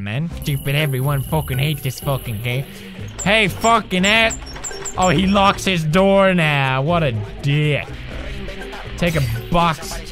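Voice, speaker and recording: A man in his twenties commentating a horror game, talking to himself, yelping and cursing when scared. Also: sits high. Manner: jumpy, screams and swears, talks to himself. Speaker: gaming video host.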